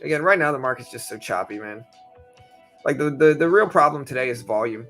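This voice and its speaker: A man's voice: medium pitch, a little fast, soft background music. A young man hosting a live trading stream, talking casually and loosely, with lots of fillers and repeated phrases, and he has the hiccups. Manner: relaxed, rambling, repeats himself, many fillers. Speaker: livestream trading host.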